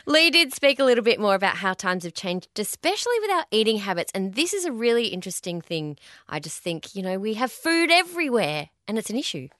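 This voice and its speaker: A woman's voice: mid-range voice, sing-song, brisk, hardly any pauses, fairly bright tone, no room sound, clean studio sound. A woman hosting a podcast, chatting casually and teasing her co-host. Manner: playful, teasing. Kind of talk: casual chat.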